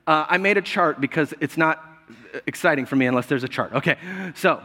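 A man delivers a casual, humorous sermon, laughing easily and stumbling over restarts. His voice sits a little high for a man. The sound carries a long reverb, as in a church sanctuary. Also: fairly quick, pushed and bright. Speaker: pastor.

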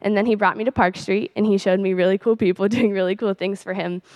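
A woman's voice: mid-range voice, steady tone, fast talker, no echo. A teenage girl sharing a personal faith testimony in a chatty way, full of "like" and little laughs. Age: late teens. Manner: chatty, peppered with "like" and soft laughs.

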